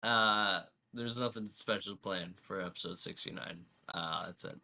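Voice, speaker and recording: A man's voice: low-pitched, measured pace, vocal fry, sharp tone, a little hiss or hum. A young man running a tabletop game as its host, chatting in a laid-back, joking way. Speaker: game master. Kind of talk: casual tabletop game banter.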